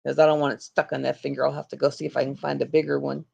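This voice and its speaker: Gravelly-voiced woman chatting. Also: extremely low pitch, little pitch movement, very fast, warm tone, dull audio. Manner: rambling, laughs often, acts out other people's voices. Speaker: livestream host. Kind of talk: casual chat, storytelling.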